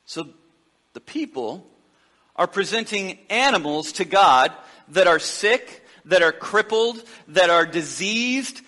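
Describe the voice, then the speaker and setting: A man preaching a sermon as pastor, lively and joking, acting out the dialogue of the people he describes. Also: high-pitched, slow, big-room sound. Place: church sanctuary.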